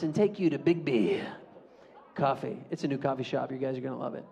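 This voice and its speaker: Addressing a roomful of students at a school assembly, this motivational speaker is playful and animated and keeps asking the audience to respond. He talks a little fast in a gravelly, mid-range voice, with some background chatter and slight noise.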